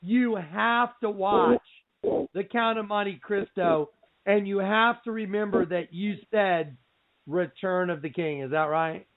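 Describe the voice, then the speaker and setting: A middle-aged man hosting a religious radio show, telling a story in an animated way, often breaking into shouts and laughs. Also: high voice, takes it slowly. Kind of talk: excited religious radio talk. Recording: tinny phone-like line with faint noise.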